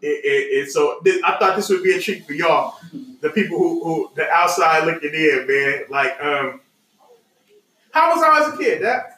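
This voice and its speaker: A man's voice: on the high side, lively intonation, moderate pace, pushed and bright. A man hosting a podcast, telling a family story in a loose, laughing way with casual grammar. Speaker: podcast host. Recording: echoey room, mic at a distance.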